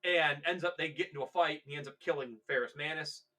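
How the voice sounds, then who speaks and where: Bright-voiced man chatting about a novel. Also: fairly high pitch, quick pace. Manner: rambling, acts out characters' lines mid-story. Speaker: podcast co-host. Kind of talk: casual chat, retelling a novel.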